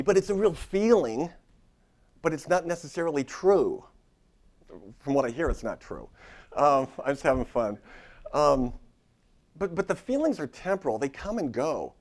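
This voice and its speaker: A man's voice: on the high side, expressive, normal speed, a little mellow. A man in his fifties, a therapist giving a classroom lecture in a conversational way, often checking in with "okay?" and repeating his phrases. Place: university classroom.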